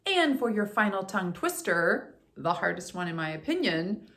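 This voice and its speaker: A woman voice coach guiding a speaking warm-up in an upbeat, encouraging way, talking straight to the listener. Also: medium pitch, very animated, moderate pace. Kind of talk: guided warm-up instruction.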